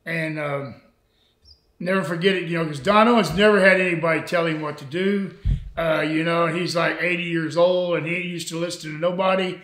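An older man with a drawl recounts his wrestling days in a loose, folksy way. His voice sits notably high for a man. He laughs often, and the room around him rings with echo. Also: fairly even intonation, fairly quick, fairly bright tone. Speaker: retired wrestler and former booker. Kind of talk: storytelling interview.

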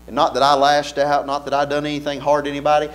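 A man's voice: fairly high pitch, completely flat delivery, quick pace. A man preaching an earnest sermon in a church, building fervor with repeated phrases.

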